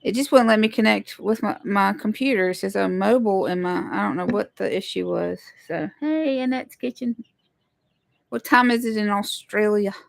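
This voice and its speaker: In a creaky, medium-pitched voice at normal speed, a homesteader hosts a livestream from home, with no echo on the sound. She chats easily, welcomes viewers, and says sorry when the tech acts up.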